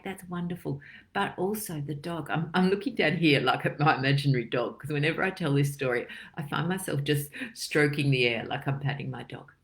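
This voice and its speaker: A middle-aged woman doctor giving a lively, chatty health talk full of analogies. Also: fairly low pitch. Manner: lively, chatty, acts out little dialogues and analogies. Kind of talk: casual health talk to camera.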